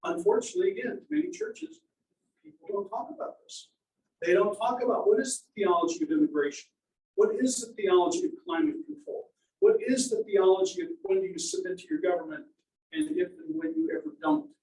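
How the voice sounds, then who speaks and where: Man, Bible teacher, high voice, lively delivery, mellow tone, heard from a distance in an echoey room. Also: a little fast. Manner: conversational, animated, acts out quoted voices. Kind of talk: teaching sermon.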